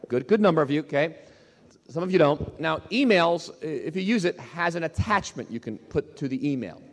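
A man preaching a sermon from the pulpit, his pitch running a little high and swinging widely as he presses home each point. He repeats key phrases for emphasis and asks questions of the congregation. The sound carries a long reverb from a large hall. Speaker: pastor.

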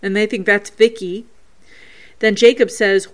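A woman's voice: mid-range voice, steady tone, a little slow, a bit bright. A woman hosting a paranormal show, earnestly reading out a listener's ghost recording and breaking down each sound step by step.

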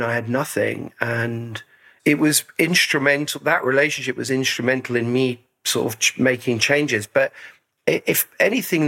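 A man's voice: medium pitch, bright, forceful tone. A middle-aged man from Scotland, a photographer interviewed as a guest, telling stories about his youth in a chatty, self-deprecating way. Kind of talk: casual conversational storytelling.

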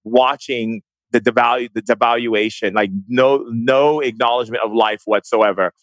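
A man's voice: mid-range voice, steady tone, moderate pace, fairly bright tone, no echo. A man in an emotional conversation, speaking with passion and often restarting and repeating his words.

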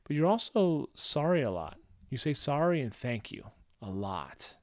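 Brief: man voicing a friend's wife, sing-song and gently critical, dry sound. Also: medium pitch, big pitch swings, a little slow, no echo. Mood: chiding.

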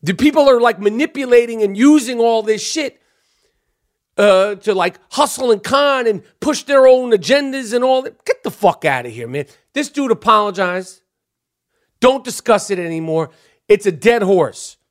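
Podcast host, middle-aged man, high voice, brash and foul-mouthed rant. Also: animated, moderate pace. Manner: brash, profane, heated ranting.

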